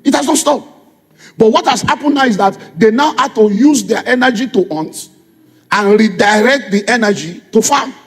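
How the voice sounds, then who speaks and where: High, husky Nigerian preacher in a reverberant hall. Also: male voice, expressive, normal speed, a bit bright. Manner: preaching with repeated rhetorical questions, call and response. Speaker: pastor. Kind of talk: sermon. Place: church. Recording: long reverb of a church hall.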